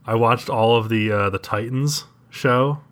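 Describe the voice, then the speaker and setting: A podcast co-host chats casually in a laid-back, hesitant manner. His mid-range voice is a little slow and fairly bright.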